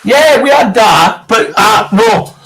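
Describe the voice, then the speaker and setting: Brief: middle-aged English man, high voice, boisterous sweary co-host telling tales. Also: lively intonation, takes it slowly, vocal fry, a bit bright. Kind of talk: casual chat.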